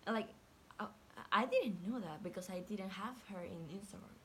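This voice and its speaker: A young woman tells a story in a loose, chatty way, swearing freely and filling every pause with "like." She acts out what people said as she goes. A faint hiss sits under her voice. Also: medium pitch, fairly bright tone. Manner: chatty and profane, packed with "like", acts out quotes. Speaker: vlogger. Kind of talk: casual storytelling.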